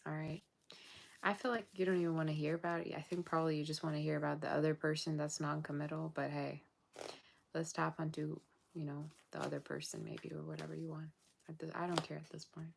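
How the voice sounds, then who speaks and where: Blunt woman with a low, gravelly voice. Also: little pitch movement, fairly quick, a little hiss or hum. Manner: blunt, sassy, talks straight to viewers. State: tired and yawning late at night. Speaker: tarot reader. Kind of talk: casual tarot reading to camera.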